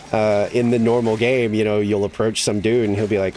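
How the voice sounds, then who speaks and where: Low-voiced rambling male streamer. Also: little pitch movement, moderate pace, darkish tone. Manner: rambling, full of "like", swears casually. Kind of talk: casual chat while gaming.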